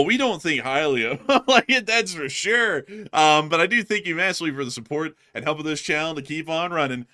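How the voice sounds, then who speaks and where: A man's voice: on the high side, pushed and bright. A male co-host chatting casually on a livestream, laughing often and thanking supporters.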